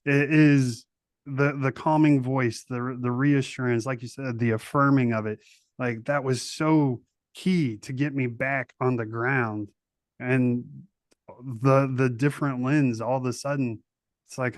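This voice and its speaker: A man's voice: mid-range voice, fairly even intonation, unhurried, no room sound, clean studio sound. Laid-back slangy male podcast host. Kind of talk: casual interview chat.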